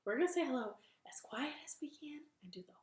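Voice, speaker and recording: A woman leading a children's storytime from her living room, gentle and encouraging, with a sing-song manner for the kids. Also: high voice, animated, fast, roomy sound.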